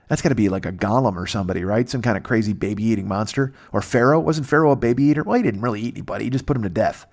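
Racing along in a gravelly, medium-pitched voice with a darkish tone, this man hosts a podcast from a makeshift setup away from home. His comic story is crude and rambling, constantly drifting off course.

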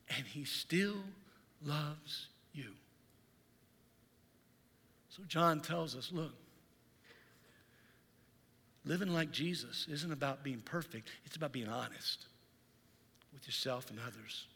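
A male pastor preaching a Sunday sermon in a church, telling stories in an animated, dramatizing way. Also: fairly high pitch, gravelly, in a large hall. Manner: animated storytelling, dramatizes scenes. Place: church sanctuary.

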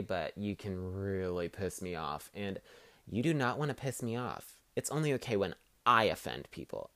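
Teen boy podcast host, low voice, dry close sound, cocky and sarcastic, rambling stories. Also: fairly bright tone, no room sound. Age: teenager. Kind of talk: casual rambling monologue.

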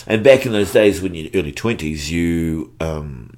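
A man's voice: sits low, a little slow, darkish tone. A man in his forties with a New Zealand accent, telling stories in a laid-back, sweary podcast chat. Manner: laid-back, swears freely, lots of fillers. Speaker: guest musician. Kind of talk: casual storytelling chat.

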